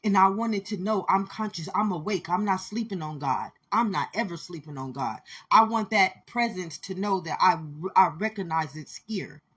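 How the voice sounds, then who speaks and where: A woman delivers an impassioned spiritual monologue, speaking intensely, repeating her points, and addressing listeners directly. Her fairly low voice has a breathy edge, moving at normal speed with few pauses.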